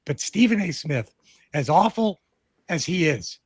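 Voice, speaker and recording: A man's voice: fairly high pitch, very animated, unhurried, breathy edge, dry recording. A man with a Texan accent hosting a comedy podcast, ranting emphatically with heavy profanity. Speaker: podcast host. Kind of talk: casual comedic political chat.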